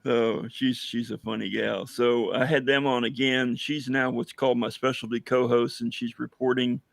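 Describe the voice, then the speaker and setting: Hoarse man with a creaky voice. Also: medium pitch, fairly even intonation, normal speed, no echo. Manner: rambling, many fillers, tells jokes. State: hoarse, losing his voice. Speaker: veteran guest running a coffee business. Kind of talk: casual livestream chat.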